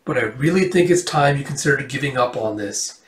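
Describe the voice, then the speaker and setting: A man's voice: medium pitch, lively intonation, brisk, close to an everyday voice. A man voicing a big, friendly barbarian who talks in an easygoing, teasing way. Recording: roomy echo, distant from the mic.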